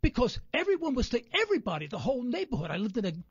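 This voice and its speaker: Animated, gravelly New storyteller. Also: male voice, extremely high pitch, racing, dry recording. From New York. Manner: animated storyteller, acts out quoted people. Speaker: radio show guest. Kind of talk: rambling anecdotal radio interview. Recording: dull lo-fi radio audio, dry.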